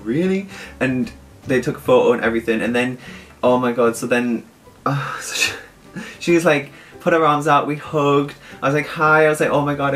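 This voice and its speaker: A young man, telling an excited storytime vlog and gushing as he quotes the people he met. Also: mid-range voice. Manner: gushing, animated, quotes others in lively asides. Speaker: vlogger.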